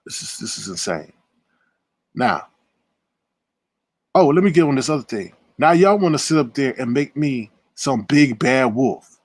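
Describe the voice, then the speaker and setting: A man in a heated livestream rant, confrontational and indignant, swinging between loud outbursts and low muttering, with a husky voice. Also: lively intonation, unhurried, pauses often, dry recording. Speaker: live-stream commentator. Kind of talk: heated live-stream rant.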